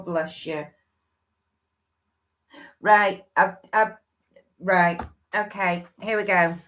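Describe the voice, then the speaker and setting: A woman hosts a live stream and reads oracle cards for a viewer, chatting and musing aloud as she goes. She talks at an unhurried, leisurely pace, often breaking off and starting over. Her pitch sits in an ordinary middle range. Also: lively intonation, a bit bright. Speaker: livestream host and oracle card reader.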